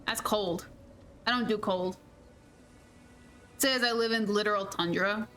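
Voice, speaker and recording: A woman's voice: mid-range voice, a little slow, fairly bright tone, faint music behind. A woman streaming a video game, chatting casually with viewers, laughing often and swearing playfully. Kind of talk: casual gameplay chat.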